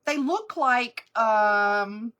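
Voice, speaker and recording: A woman's voice: on the high side, expressive, extremely slow, a bit bright. A woman hosting a live makeup stream, chatting casually and rambling through stories with frequent laughter. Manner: rambling, chatty storyteller who laughs often.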